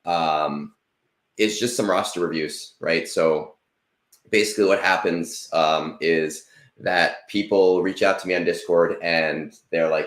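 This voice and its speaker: Deep-voiced chatty man in an echoey room. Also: fairly even intonation, measured pace, fairly bright tone. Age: 30s. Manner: rambling, chatty, self-deprecating, with frequent fillers. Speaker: stream host. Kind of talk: casual livestream chat.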